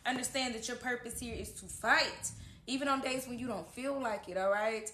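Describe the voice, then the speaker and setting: A woman with a sharp, rather high voice speaks at normal speed while giving a laid-back tarot horoscope reading. She is earnest and encouraging, frequently asking "okay?", and the room at home where she records is echoey.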